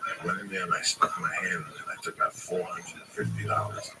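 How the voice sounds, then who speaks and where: Gravelly man rambling far from the mic. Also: deep voice, wildly swooping pitch, quick pace. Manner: rambling, profane, confiding. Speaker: livestreamer. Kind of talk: casual storytelling to friends. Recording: distant mic with loud background noise.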